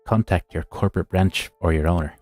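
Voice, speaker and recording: A man's voice: low-pitched, fairly quick, a little mellow, dry recording, close to an everyday voice. A man voicing a polite, wary undercover corporate agent, speaking with small stumbles.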